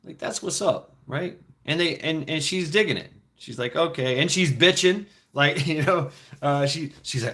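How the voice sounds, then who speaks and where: A man's voice: fairly high pitch, normal speed, a bit bright. Rambling, profane storytelling man. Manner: profane, rambling, frequent restarts and laughs. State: foot injured, limping.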